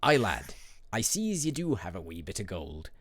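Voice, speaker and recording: A man's voice: on the low side, measured pace, darkish tone, dry recording, close to an everyday voice. A man doing a drunken slurring pirate captain. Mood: slurred, bargaining. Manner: rolling seafarer's drawl, slurred. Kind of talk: voicing a character in a game playthrough.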